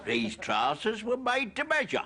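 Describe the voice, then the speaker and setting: A man delivering slow deadpan one-liners in a comedy sketch. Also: high voice, slight background noise.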